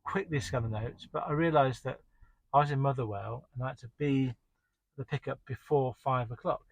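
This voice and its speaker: In a low-quality, echo-free recording, a delivery driver vents about his day in the style of an offhand spoken diary. His mid-range voice is creaky and goes at a normal pace. He sounds exasperated, rambling and restarting with frequent "um"s.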